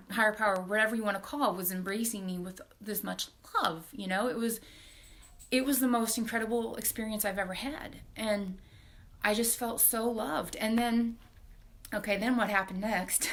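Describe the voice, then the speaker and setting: A woman in her forties hosting a live stream, telling a personal story in a heartfelt, halting way with soft laughs. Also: medium pitch. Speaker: host.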